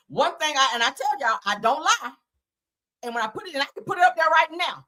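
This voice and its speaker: A woman's voice: high-pitched, bright, forceful tone. A woman hosting a casual gossip show, talking bluntly and profanely in a fired-up way. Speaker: host.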